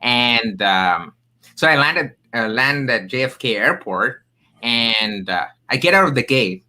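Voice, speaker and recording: Bright-voiced man telling stories, accented. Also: mid-range voice, unhurried, low-quality recording. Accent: non-native English accent. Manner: animated, emphatic storyteller with jokey asides. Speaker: podcast guest, career coach. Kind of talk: storytelling in a casual interview.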